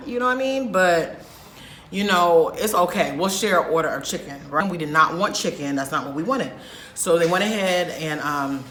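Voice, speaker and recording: A woman vlogger telling a story in an animated, emphatic way, swearing often. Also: low-pitched, echoey room, slight background noise. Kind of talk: storytime vlog.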